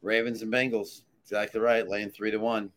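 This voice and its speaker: A man's voice: fairly low pitch, level tone, fairly quick, fairly bright tone. A man handicapper in casual sports talk, confidently and emphatically giving his betting picks.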